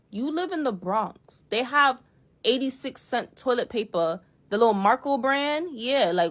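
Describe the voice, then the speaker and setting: A woman's voice: on the high side, a bit bright. Blunt, slangy woman telling a date story. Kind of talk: casual storytime.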